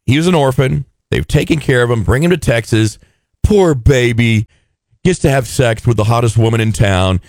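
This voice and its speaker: A man co-hosting a casual podcast recap of a TV show, exasperated and animated in his complaints. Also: moderate pace, dry recording. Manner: animated, exasperated, mocks characters in high put-on voices. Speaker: podcast co-host.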